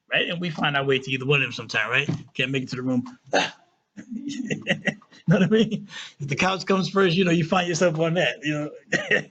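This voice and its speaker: A man teaching a casual Arabic lesson who often checks in with "right?" and "okay?" and slows down to spell out words. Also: a little high, a bit bright, muffled recording.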